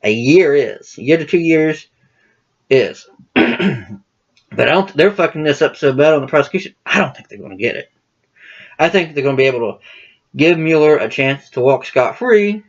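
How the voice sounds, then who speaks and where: A man's voice: a little high, muffled recording. A man hosting his own political commentary channel, ranting casually to camera in a profane, combative, heated way.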